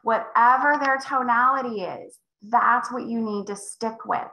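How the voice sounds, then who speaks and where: A woman sales coach leading a live call, emphatic and acting out client conversations with big swings in pitch. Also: measured pace, bright, forceful tone, roomy sound, rough recording. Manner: emphatic, role-plays client dialogue with big pitch jumps. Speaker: real estate sales coach.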